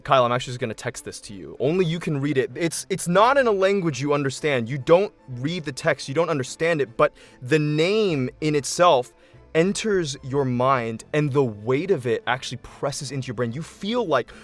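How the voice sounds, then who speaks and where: A man's voice: a little high, expressive, normal speed, soft background music. A man narrating a tabletop game as game master, descriptive and accommodating, often restarting his sentences.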